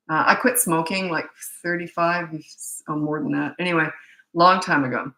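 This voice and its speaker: A woman's voice: low-pitched, steady tone, moderate pace, sharp tone, roomy sound, rough recording. A middle-aged woman, a parenting coach, answering viewer questions in a blunt, candid and chatty way.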